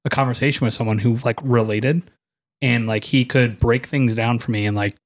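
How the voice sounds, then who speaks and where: In relaxed podcast banter, this co-host spins rambling stories, laughing and cursing often. His mid-range voice keeps a fairly even intonation at a moderate pace.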